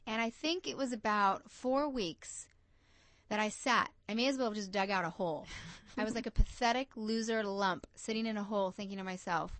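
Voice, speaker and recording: A woman's voice: medium pitch, brisk, fairly bright tone, dry recording. A woman from the United States, a coach and entrepreneur, telling a story in an interview and acting out the voices she quotes.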